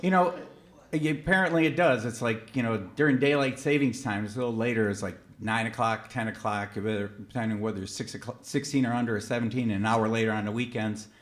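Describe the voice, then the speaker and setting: A man's voice: steady tone, fast, few pauses. Middle-aged man telling a story on stage. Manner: conversational, with many fillers and self-corrections; sharply raised pitch when quoting himself in disbelief. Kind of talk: live personal storytelling on stage. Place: museum event hall, on stage before an audience.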